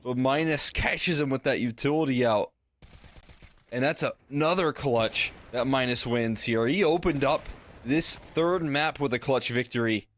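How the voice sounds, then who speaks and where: Relaxed male esports analyst. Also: medium pitch, unhurried. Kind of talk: colour commentary.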